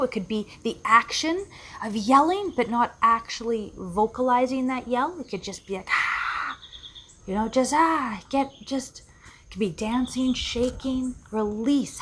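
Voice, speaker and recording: A woman's voice: a little high, measured pace. Woman, life coach, earnest self-help talk, repeats for emphasis, faint noise behind. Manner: earnest, repetitive, acts out quoted voices.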